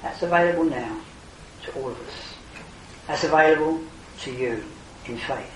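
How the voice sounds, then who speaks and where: An older man preaching an earnest evangelistic sermon, his voice swelling to emphatic calls and then falling quiet. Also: fairly high pitch, normal speed, a little hiss or hum. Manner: earnest, rising to emphatic exclamations then dropping soft. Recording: roomy hall, distant mic, faint ambience.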